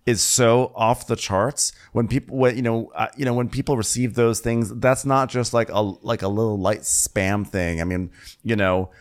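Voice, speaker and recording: Low-voiced earnest male podcast co-host. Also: fairly even intonation. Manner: earnest, halting, many fillers when serious. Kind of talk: comedic recap chat.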